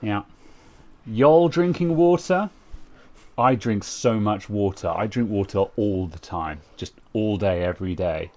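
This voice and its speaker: Rambling British man, low voice. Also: unhurried. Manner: rambling, relaxed, many fillers and restarts. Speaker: co-host. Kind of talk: casual chat.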